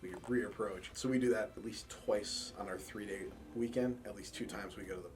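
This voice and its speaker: In a moderately paced, lowish voice, a man relaxes into storytelling for a documentary. He works as a campus police officer with a support dog and voices the dialogue he quotes.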